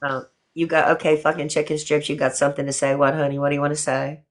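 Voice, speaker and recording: A woman's voice: deep voice, level tone, fast talker, slight background noise. An older woman hosting a casual livestream chat, talking affectionately to viewers and a guest, with a habit of swearing lightly. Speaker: livestream host.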